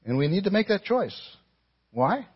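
A pastor delivers a sermon in a husky, fairly high voice that swings widely in pitch as he presses home his questions. He speaks straight to the congregation with emphatic energy. The recording sounds dull and lo-fi. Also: sing-song, moderate pace. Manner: emphatic, with pointed rhetorical questions; addresses the congregation directly.

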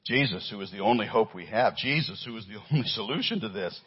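A man preaching a sermon as pastor, swinging between loud stressed lines and hushed low phrases. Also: lively intonation, fast talker, husky, dull audio.

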